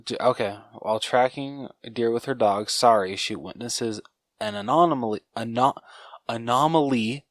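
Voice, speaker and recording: A man's voice: mid-range voice, normal speed, no room sound. A young man co-hosting a podcast, casually recapping a film's plot, stumbling over names and swearing at himself. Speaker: podcast co-host.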